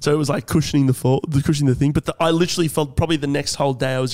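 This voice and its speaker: Animated young man telling a story. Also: on the high side, racing. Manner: animated, laughs often, acts out dialogue. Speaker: podcast co-host. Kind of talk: casual comedic storytelling.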